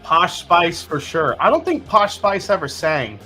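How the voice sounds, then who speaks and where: A middle-aged man hosts a relaxed live stream, his voice bright and forceful and pitched a little high. He jokes and swears freely as he chats. Faint music plays under the talk. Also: unhurried. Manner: animated, joking, swears casually. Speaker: livestream host. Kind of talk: casual live-stream chat.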